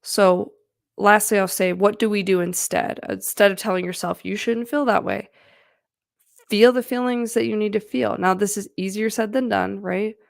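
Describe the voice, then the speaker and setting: A woman's voice: medium pitch, fairly even intonation, moderate pace, gravelly, no echo, clean studio sound. A woman giving casual, earnest advice on feelings to her viewers, chatty and full of fillers. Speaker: mental health vlogger. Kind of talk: casual talking-to-camera advice.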